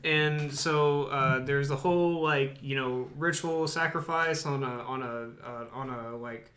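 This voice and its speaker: A man's voice: medium pitch, steady tone, sharp tone. Rambling man recapping a film, echoey room. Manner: rambling, halting retelling with many fillers. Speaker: podcast co-host. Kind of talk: casual film podcast recap.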